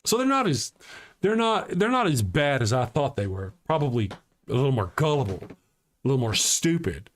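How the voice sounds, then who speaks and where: A man's voice: medium pitch, big pitch swings, normal speed. A man hosting a live-streamed talk show, ranting heatedly and answering chat comments aloud from home.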